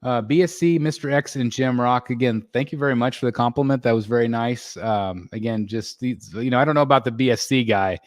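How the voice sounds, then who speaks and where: This American livestream host goes through chat in a relaxed, rambling way, restarting often and using many fillers. His mid-range voice runs a little fast with hardly any pauses, recorded dry and close on a desk microphone without any echo.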